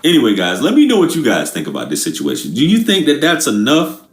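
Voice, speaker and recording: A man's voice: mid-range voice, huge pitch swings, fast talker, roomy sound. A man hosting a reaction channel, talking in laid-back, slangy banter. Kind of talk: casual reaction commentary.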